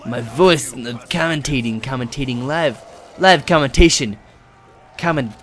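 A young man giving live gameplay commentary, excitable and rambling, swearing and yelping often. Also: medium pitch, normal speed, slight background noise.

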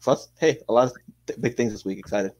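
A young man co-hosts a sports podcast in a laid-back way. He keeps things easygoing and fills his pauses with "hey" and "um". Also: mid-range voice, a little mellow, highs cut off. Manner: easygoing, drops "hey" and "um" often. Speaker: podcast co-host. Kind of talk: casual sports chat.

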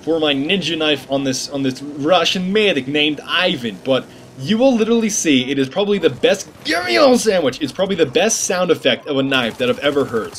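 A man talking over his own gameplay in a loose, slangy, joking way, drifting into mock-serious asides. His voice sits a little high for a man. A faint hiss of noise runs under the recording. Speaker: gameplay commentator. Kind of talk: casual gameplay commentary.

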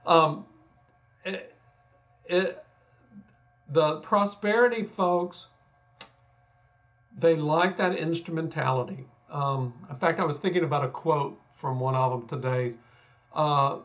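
Here a Texas-accented guest scholar, originally from Texas, talks through ideas in a thoughtful, self-deprecating conversational style full of fillers and restarts. He speaks slowly with frequent pauses in a slightly high, somewhat bright voice, and the recording's highs are cut off.

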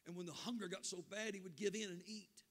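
A man's voice: high-pitched, fairly even intonation, fast, a bit bright, long reverb tail. An older man preaching a revival sermon, telling a story with fervent emotion, his voice catching and stretching out phrases. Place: church sanctuary.

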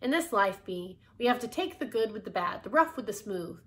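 A woman reading aloud, voicing a brisk, bossy old lady who talks in firm, emphatic proverbs. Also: medium pitch, lively intonation, a bit bright, close to an everyday voice.

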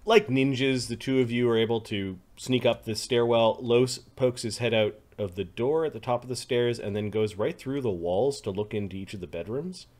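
A man's voice: mid-range voice, normal speed, hardly any pauses, darkish tone. A man narrating a tabletop game as game master, describing scenes with frequent ums and restarts.

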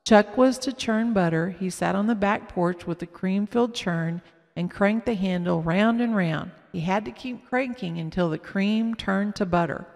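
A woman reading a children's story aloud slowly and carefully, with small slips. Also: medium pitch, gravelly, a little mellow. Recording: long echoing reverb.

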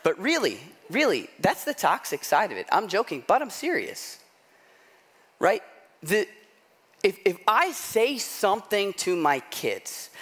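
A middle-aged pastor with a voice that sits high and sounds fairly bright tells a self-deprecating story during his sermon. His delivery is loose and conversational, and he keeps asking "right?"

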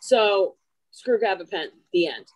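A woman's voice: mid-range voice, animated, unhurried, no room sound, rough recording. A woman on a video call, sharing her drawing in a chatty, self-deprecating way and telling a story with animation. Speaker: workshop participant. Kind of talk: casual show-and-tell.

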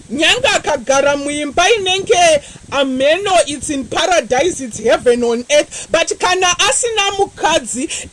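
High-pitched, lively woman evangelist. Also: slight background noise, low-quality recording. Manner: animated preaching, repeating phrases. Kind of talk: sermon.

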